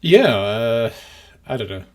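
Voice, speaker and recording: A man's voice: mid-range voice, very animated, takes it slowly. A man co-hosting a podcast, chatting casually and rambling, with lots of fillers and restarts. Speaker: podcast co-host.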